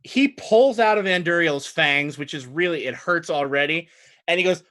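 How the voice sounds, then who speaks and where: A male game master narrates a tabletop game livestream with a bright, forceful voice that rises and falls with plenty of movement. The sound is dry and close, with little room around it. He talks with chuckles and frequent little ums. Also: on the high side, lively intonation, normal speed, no echo.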